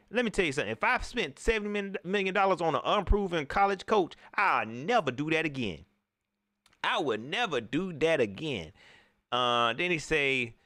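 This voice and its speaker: A man hosting a casual post-game livestream, slangy and animated, often repeating himself. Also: medium pitch, no echo, studio quality. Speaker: sports talk show host.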